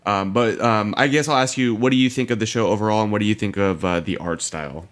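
A man's voice: lowish voice, quick pace. Rambling young man on a podcast. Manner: rambling, lots of fillers, admits being drunk. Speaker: podcast co-host. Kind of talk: casual chat.

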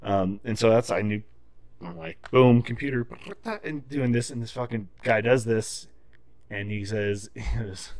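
A man's voice: on the low side, fairly even intonation, a little slow, darkish tone, no room sound. A man in casual podcast chat, telling a profane story and explaining tree felling in technical detail. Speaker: podcast guest.

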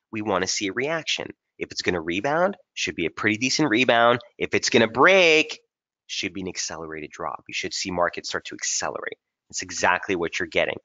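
A man with a bright, forceful tone and a slightly low voice walks viewers through trading charts in a live webinar. He keeps it casual and energetic, talking straight to his audience. The sound is dull and lo-fi, like typical webinar audio. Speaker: technical strategist hosting a trading webinar. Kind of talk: live market analysis over charts.

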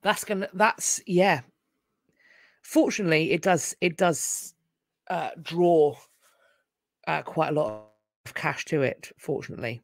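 A woman's voice: low voice, a little slow, creaky, pauses often, no room sound, clean studio sound. A woman with a London accent hosting a casual history live stream, chatty and wry, often breaking off and restarting her sentences. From England. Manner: chatty, wry and self-interrupting. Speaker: history channel host.

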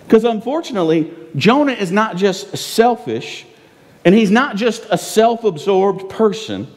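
Male pastor preaching; animated, chatty delivery with tag questions, echoing through a sanctuary. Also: high voice. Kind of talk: sermon. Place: church sanctuary. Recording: long reverb in a church.

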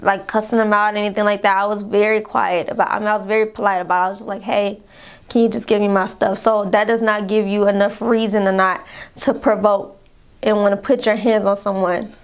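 In a vlog, a young woman tells her viewers a painful personal story, rambling, calling them y'all, and fighting back tears. Her voice is on the high side, clear and resonant.

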